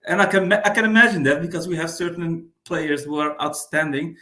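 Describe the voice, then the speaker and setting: A man's voice: on the high side, a little fast, bright, forceful tone. Man, roomy echo. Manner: thoughtful, hesitant with fillers. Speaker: guest fan pundit. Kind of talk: casual panel discussion.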